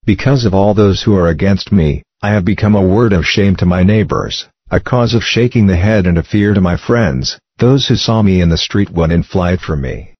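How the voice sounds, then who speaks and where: Deep-voiced man reading scripture, dry and muffled. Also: normal speed, few pauses, no echo. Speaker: scripture reader. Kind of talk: steady recited Bible reading. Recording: dull, lo-fi dry recording.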